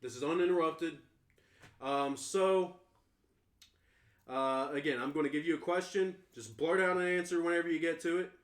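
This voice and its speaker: A man's voice: on the high side, moderate pace, long pauses, reverberant. A man hosting a casual podcast debate, rambling as he explains rules and laughs between points. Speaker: podcast host, quiz moderator.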